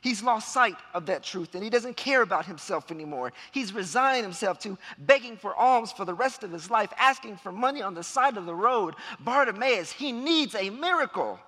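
High, lively preacher in a reverberant church. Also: male voice, normal speed, few pauses. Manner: dramatic storytelling, acting out shouts and voices. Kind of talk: sermon. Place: church sanctuary. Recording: long hall reverb.

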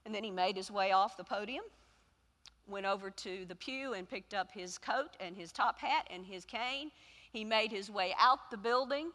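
A woman pastor preaching a sermon, telling a story with pauses and building to loud, emphatic repetitions. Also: on the high side, long reverb tail.

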